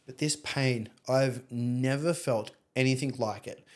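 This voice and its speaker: In an easygoing interview, this podcast guest—a young adult man with an Australian accent—rambles candidly through his story and swears plenty. His unhurried, middle-pitched voice is a little mellow, with fairly even intonation.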